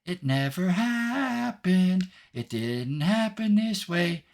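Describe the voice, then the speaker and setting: A man's voice: a little high, big pitch swings, moderate pace, sharp tone, voice pushed up. A man voicing a tiny, cheerful female spirit of hope with a sing-song little voice and bubbly exclamations.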